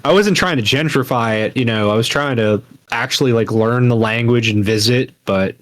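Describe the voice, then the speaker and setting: A man chatting casually as a podcast guest, halting, with many fillers. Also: mid-range voice, fairly bright tone, no room sound. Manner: hesitant, many fillers and restarts.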